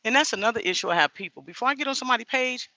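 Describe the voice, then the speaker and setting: A woman's voice: fairly high pitch, lively intonation, very fast, pushed and bright, dry recording. A woman talking straight to her viewers in a casual vlog, blunt and indignant. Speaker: vlogger.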